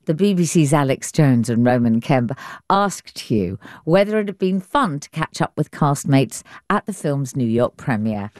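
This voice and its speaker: A woman's voice: very deep voice, lively intonation, normal speed, a little mellow, dry recording, clean studio sound. A woman presenting a radio arts programme in a polished, scripted way.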